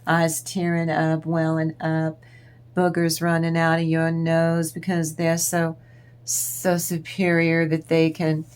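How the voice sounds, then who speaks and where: Woman tarot host, slow and rambling; a lower voice, unhurried chat to her viewers. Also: monotone, darkish tone. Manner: rambling, chatty and wandering off topic. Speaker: tarot reader and channel host. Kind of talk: casual spiritual talk to viewers.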